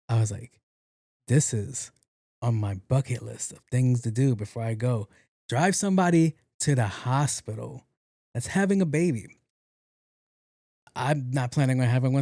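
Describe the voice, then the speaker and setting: A young man tells a story on his podcast in a loose, profane way. His voice sits at an ordinary pitch, and the sound is close and dry. He acts out every quote with lively energy. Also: moderate pace, pauses often, no room sound. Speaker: podcast host. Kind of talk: casual storytelling monologue.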